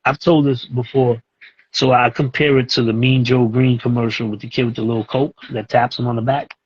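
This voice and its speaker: A man's voice: medium pitch, brisk, breathy edge, dull audio. A man, telling a story casually as a guest and acting out the voices of the people in it. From East New York, Brooklyn. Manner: animated, acts out voices in his stories.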